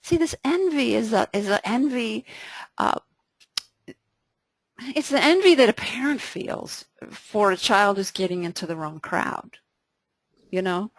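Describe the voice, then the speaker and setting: A woman's voice: medium pitch, unhurried, pauses often, no room sound. Woman, Bible study leader, chatty with restarts, dry close sound. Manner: lively, conversational, frequent restarts. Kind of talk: casual Bible study talk.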